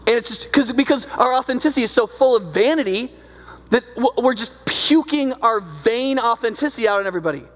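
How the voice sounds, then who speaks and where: A man's voice: very high-pitched, expressive, fairly quick, a bit bright. A male pastor preaching a sermon in a loose, conversational way, often checking in with his listeners. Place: church sanctuary. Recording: long hall reverb from a church.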